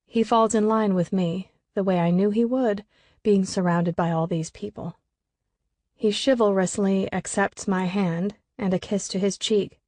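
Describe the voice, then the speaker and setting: Female audiobook narrator, expressive first-person read, mid-pitched, dry close studio sound. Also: a little slow, dry recording.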